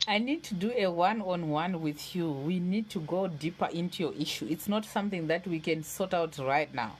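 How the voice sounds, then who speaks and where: A woman's voice: fairly low pitch, moderate pace, slight background noise. A woman hosting a live call-in stream, reassuring a caller and repeating her phrases for comfort. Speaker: host.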